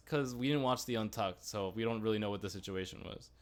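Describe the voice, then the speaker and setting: A man's voice: fairly low pitch, quick pace, hardly any pauses. A man co-hosting a casual review chat, talking in a rambling, chatty way full of asides. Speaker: podcast co-host.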